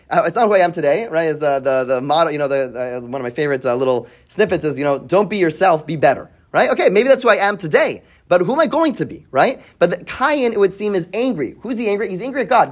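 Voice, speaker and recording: A man's voice: high-pitched, expressive, fast talker, hardly any pauses. Man teaching a weekly Bible class. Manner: reads Hebrew verses then translates, asks students questions, often adds "right?"; restarts and repeats words while thinking aloud. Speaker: Torah teacher.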